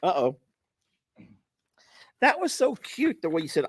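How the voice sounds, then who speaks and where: A man's voice: sits high, wildly swooping pitch, unhurried. A man hosting a casual vlog, chatting folksily and directly to his viewers as he opens gifts. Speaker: vlog host. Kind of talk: casual vlog chat while opening gifts.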